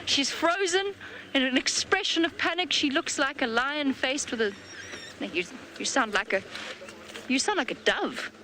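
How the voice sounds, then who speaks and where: A woman's voice: sits high, normal speed, pushed and bright, slight background noise. A woman presenting a live safari broadcast in a playful, teasing chat style.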